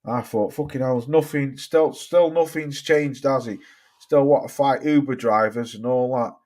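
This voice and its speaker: A man's voice: mid-range voice, moderate pace, a little mellow. Man, middle-aged, boxing stream host, sweary, exasperated, casual rant, reads chat.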